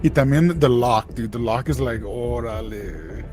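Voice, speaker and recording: A man with a South Texas accent talks bluntly and excitably in loose banter, with a mid-range voice. Music plays behind him throughout. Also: medium pitch, brisk. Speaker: streamer. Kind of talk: casual chat.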